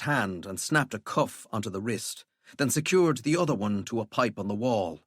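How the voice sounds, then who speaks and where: Man, audiobook narrator, scripted narration, lively pitch, dry close sound. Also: normal speed, no room sound. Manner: expressive storytelling.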